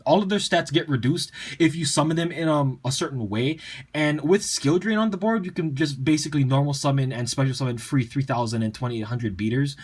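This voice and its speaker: A young man casually walking through his card game deck list, chatty and full of fillers and quick asides. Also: a little high, slightly rough. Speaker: deck profile presenter.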